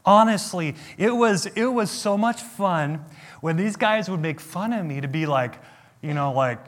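Emphatic high-voiced male pastor preaching. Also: animated, measured pace, a bit bright. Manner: earnest, emphatic preaching with rhetorical questions. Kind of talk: sermon.

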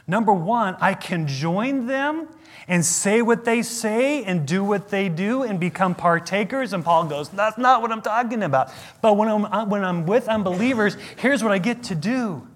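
A middle-aged male pastor preaching a sermon in an earnest, emphatic way, asking the listeners questions. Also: high-pitched.

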